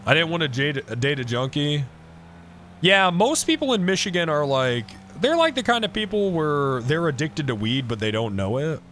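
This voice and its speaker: A man streaming a roleplay game in character, ranting excitably and swearing a lot. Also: on the high side, normal speed, slight background noise. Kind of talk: casual in-character roleplay chat.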